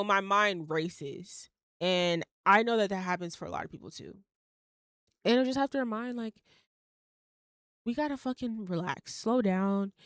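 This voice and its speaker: A young adult woman hosting a casual solo podcast, blunt and animated, swearing freely as she talks herself through things. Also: mid-range voice, no room sound, clean studio sound. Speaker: podcast host.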